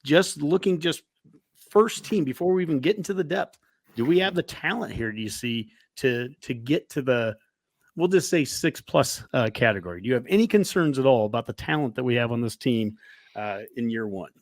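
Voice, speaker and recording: A man's voice: mid-range voice, expressive, moderate pace, dry recording, studio quality. A man hosting a sports podcast in casual chat, posing laid-back leading questions.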